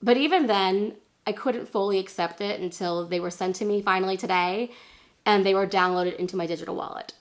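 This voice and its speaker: A young woman telling a story in a casual vlog, chatty and animated, laughing at herself and jumping into a high squeal when she acts out what people said. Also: fairly quick. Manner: chatty, many fillers and self-deprecating laughs. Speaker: vlogger.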